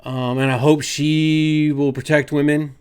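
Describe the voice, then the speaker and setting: A man's voice: on the high side, level tone, a little slow, clear, resonant tone. Sarcastic ranting male vlogger. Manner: emphatic, argumentative. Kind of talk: opinion commentary vlog.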